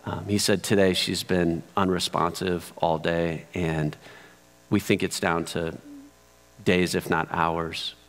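A man preaching a sermon as a pastor. He tells a story softly and then moves into animated teaching. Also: low voice. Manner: slow, soft-spoken storytelling that rises to animated teaching. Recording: long hall reverb.

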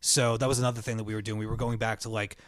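A man chatting casually as a podcast co-host, telling stories excitedly with lots of "like" and restarts. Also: on the low side, racing, dry recording, clean studio sound. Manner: excitable, rambling storyteller full of "like". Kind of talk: casual chat.

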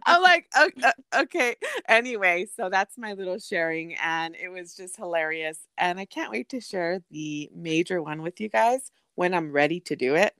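A woman's voice: normal speed, few pauses, clean tone, no room sound. A young adult woman co-hosting a podcast, telling stories with lots of laughter, swearing freely and mixing in Spanish phrases. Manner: animated storyteller, bursts into laughter and high squeals. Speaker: podcast co-host. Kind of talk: casual chat.

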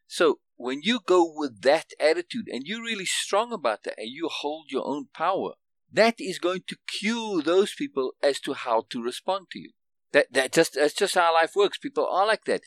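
A podcast host with a medium-pitched, very animated, slightly bright voice speaks at a moderate pace in a recording with no echo. He leads a casual one-on-one conversation, explaining things emphatically with many restarts and repeated words. He keeps checking understanding by asking "right?"

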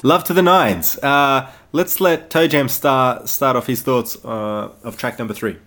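A man with a mid-range voice runs a casual music podcast, cheerfully handing the floor from one co-host to the next. His tone is upbeat and relaxed. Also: mid-range voice, measured pace. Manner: upbeat, moves the show along.

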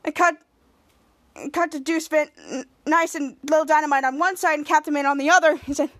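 A woman podcast host recaps a TV episode in casual chat. Her voice is very high, and she stumbles, repeats and restarts words as she goes. The sound is dry and close, with no room around it. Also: steady tone, fast talker, dry recording.

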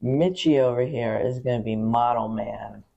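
Easygoing woman, mellow, dull lo-fi sound. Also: a bass voice, normal speed, gravelly. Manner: short agreeing replies, easygoing. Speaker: podcast co-host. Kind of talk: casual chat. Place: rented holiday home.

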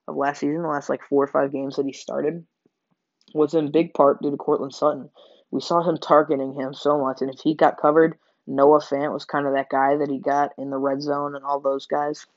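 A slightly high-voiced man hosts a sports podcast, his dry recording made on a dull lo-fi home mic. His game predictions ramble, full of fillers and self-corrections.

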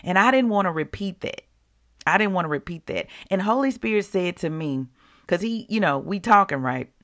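A woman hosting a devotional podcast, talking conversationally to her listeners and reading scripture slowly and deliberately. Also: fairly low pitch, lively intonation, a bit bright.

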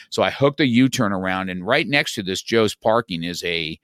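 Middle-aged male guest, low register, dry close sound, loose rambling storyteller. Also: expressive, normal speed, hardly any pauses, a bit bright, dry recording. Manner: rambling, many restarts and "you know, man". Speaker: podcast guest. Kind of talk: casual conversational storytelling.

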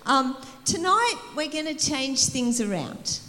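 A woman preaching an energetic sermon in a church, rallying the congregation and calling for responses. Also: high-pitched, slow, in a large hall. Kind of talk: sermon to a church youth service. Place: church hall.

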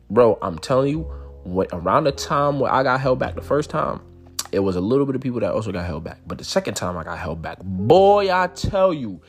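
A young man, telling a casual personal story in slangy, profane speech with big swings in pitch.

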